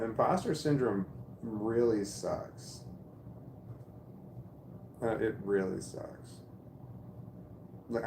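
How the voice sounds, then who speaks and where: This man's medium-pitched, darkish voice carries a roomy sound with slight background noise. Chatting casually on a live stream, he reads comments aloud and replies, rambling as he thinks aloud, stammering and repeating himself in search of words.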